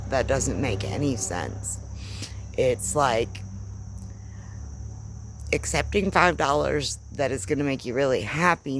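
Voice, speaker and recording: A woman giving a reflective spiritual talk, speaking gently and searchingly with long pauses. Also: a bass voice, noisy background. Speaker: spiritual teacher. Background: faint crickets and insects.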